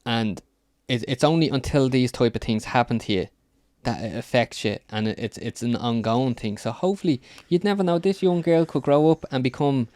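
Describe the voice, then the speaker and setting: A man's voice: mid-range voice, normal speed, hardly any pauses, darkish tone, no room sound. A man talking on a podcast, earnest and rambling, with many ums as he feels his way through a point. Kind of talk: casual podcast chat.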